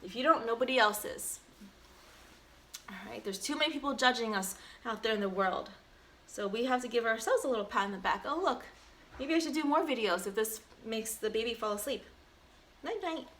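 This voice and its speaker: A woman's voice: fairly high pitch, fairly quick, fairly bright tone, slight background noise. A woman in her thirties, a doctor and mother, chatting casually about parenting while reading a picture book to her baby, with a chatty, sing-song baby-talk manner. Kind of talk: casual read-aloud with parenting tips.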